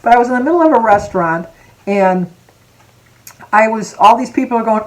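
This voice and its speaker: A woman's voice: a little high, lively intonation, a little fast, rough recording. Older woman vlogger, sixties, rambling personal story told casually to camera, teary and chatty. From Michigan, USA. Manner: chatty and rambling, drifting off topic with asides and laughs; emotional, close to tears.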